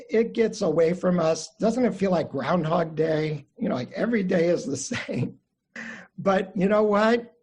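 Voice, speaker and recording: An older man, a Jewish studies teacher, giving an online class lecture and telling family stories with animated quoted voices. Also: a little high, slightly rough. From United States (Midwest). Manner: warm anecdotal storytelling, animated quotes.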